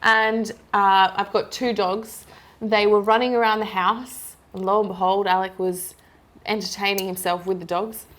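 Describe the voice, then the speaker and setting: A young woman, co-hosting a casual podcast chat over a meal and telling a story in a quick, amused way. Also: medium pitch, fairly even intonation, a bit bright. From Australia. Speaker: podcast co-host.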